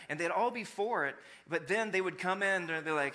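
Talking slightly fast with few pauses, a pastor with a fairly high voice delivers a sermon in a church. He animatedly mimics people's voices, using humor to drive his points home.

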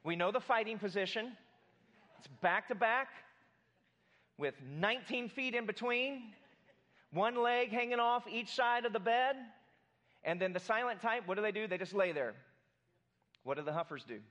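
A man's voice: sits high, normal speed, pauses often, fairly bright tone. A man preaching a sermon to his congregation, conversational and joking with the room. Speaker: pastor.

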